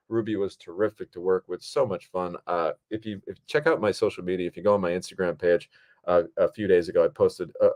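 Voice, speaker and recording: A man hosting his own show, telling behind-the-scenes stories in a rambling, animated way and acting out what people said. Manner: rambling and animated, acts out quotes in higher voices. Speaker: podcast host and film director. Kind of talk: casual storytelling monologue.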